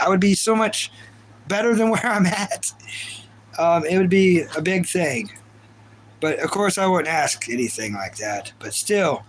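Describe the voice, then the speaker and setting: A man's voice: sits high, fairly bright tone, a little hiss or hum, low-quality recording. A man with a Kentucky accent chatting casually on a live stream, rambling earnestly and reading viewer comments aloud. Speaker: livestreamer.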